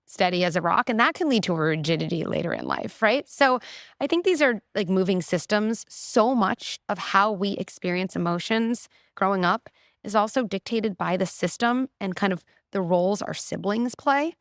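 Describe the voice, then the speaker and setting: A middle-aged woman, a clinical psychologist, talking in an animated, explanatory way as a podcast guest. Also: mid-range voice, moderate pace, no room sound, clean studio sound. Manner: animated, explanatory, frequent "like" and "right?". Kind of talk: conversational interview.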